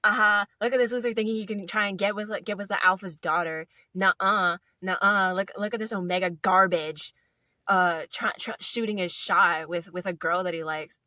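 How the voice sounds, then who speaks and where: A woman's voice: mid-range voice, fairly even intonation, normal speed, sharp tone, dry recording, natural voice. A woman voicing a pack of young wolves jeering at an outcast. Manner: taunting, sing-song mockery.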